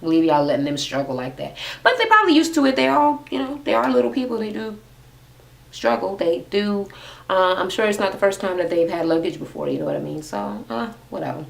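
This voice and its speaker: A woman's voice: mid-range voice, a little fast, vocal fry. A woman casually chatting through a reality TV recap in a gossipy, profane manner.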